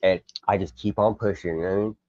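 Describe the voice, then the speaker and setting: A man's voice: low voice, steady tone, quick pace, muffled recording, a loud crowd. An older American man in a rambling, profane casual chat on a live stream, often stopping and restarting. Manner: rambling, profane, self-interrupting.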